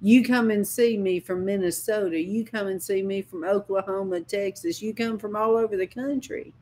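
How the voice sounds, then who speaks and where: A woman's voice: mid-range voice, fairly even intonation, normal speed, darkish tone, slight background noise. A woman preacher giving a sermon, telling a dream as personal testimony in a dramatic, impassioned way with sudden cries.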